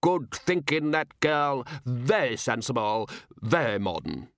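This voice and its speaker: A man's voice: mid-range voice, lively intonation, slow pace, fairly bright tone, no echo, clean studio sound. A man reading aloud, voicing a pompous, condescending upper-class dinner guest.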